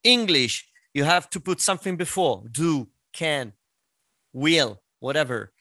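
Slow-talking Italian man with a bright voice. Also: on the high side, expressive, no room sound. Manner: explanatory, hesitant with many fillers. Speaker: voice teacher and singer, guest. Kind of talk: casual podcast chat.

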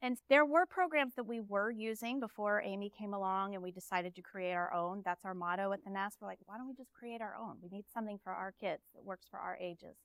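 A woman's voice: medium pitch, fairly bright tone, clear, resonant tone, dry recording. A woman from Texas, an educator explaining her program in a friendly live conference presentation.

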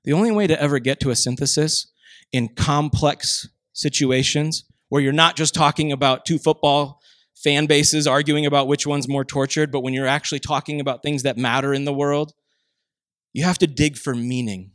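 A man from Minnesota, preaching a sermon in an animated, storytelling way with rhetorical asides. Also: a little high, normal speed, no echo. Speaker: pastor.

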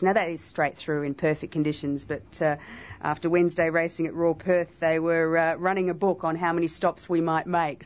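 A woman's voice: fairly low pitch, darkish tone. An Australian woman sailor chatting casually in a radio interview, with plenty of fillers. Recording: dull lo-fi radio broadcast.

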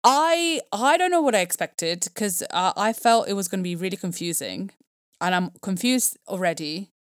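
A woman co-hosting a podcast in casual chat, chatty and animated, her pitch jumping up when she gets excited. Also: normal speed, no echo, studio quality. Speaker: podcast co-host.

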